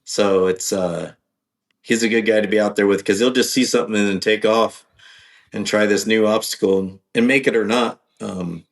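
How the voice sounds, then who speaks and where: A man's voice: fairly low pitch, steady tone, moderate pace, creaky. A man guesting on a podcast, talking casually in a rambling, hesitant way with many ums and restarts. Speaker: podcast guest, off-road driver.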